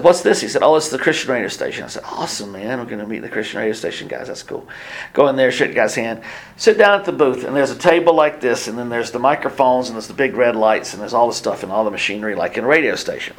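Animated storytelling male preacher. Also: medium pitch, fast. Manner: animated, acts out quoted voices, drops to near whispers. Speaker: pastor. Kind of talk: sermon storytelling.

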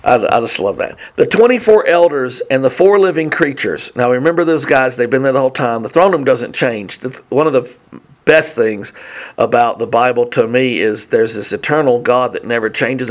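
A man's voice: medium pitch, a little fast. A man leading a casual Bible study, reading passages aloud and explaining them with enthusiasm. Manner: enthusiastic, reads scripture aloud then comments. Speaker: Bible teacher.

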